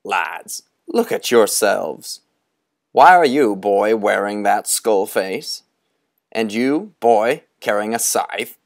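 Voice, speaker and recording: Man plays tall bony old specter: booming, theatrical, slow and gravelly, relishes every word. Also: lively intonation, heavily acted. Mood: mocking.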